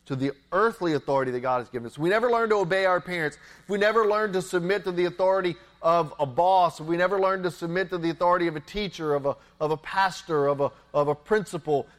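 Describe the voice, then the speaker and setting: A man with a high voice preaches a sermon from the pulpit. He talks earnestly, doubling back on words and putting rhetorical questions to his listeners. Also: a bit bright. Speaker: pastor.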